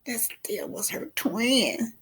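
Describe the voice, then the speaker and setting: Woman, book club read-aloud, dramatic asides, lively pitch, unhurried. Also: in a whisper. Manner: dramatic, voices characters, asides to listeners. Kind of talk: reading a novel aloud with commentary.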